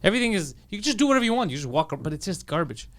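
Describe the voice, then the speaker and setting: A man rattles off a story at high speed on a comedy podcast. His voice sits a little high, and he keeps swearing as he acts out every exchange along the way. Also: sing-song, fairly bright tone. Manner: profane, fast-talking storyteller who acts out other people's lines. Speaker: podcast co-host. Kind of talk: casual comedy podcast chat.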